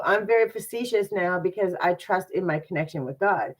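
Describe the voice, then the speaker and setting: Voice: mid-range voice, normal speed, low-quality recording. A spiritual card reader in a casual livestream reading. The speaker is chatty and upbeat and makes sarcastic, self-mocking asides.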